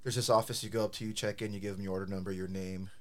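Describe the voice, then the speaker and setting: A young man, chatting casually and telling animated stories full of swearing and filler words. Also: on the low side, very fast. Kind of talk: casual chat.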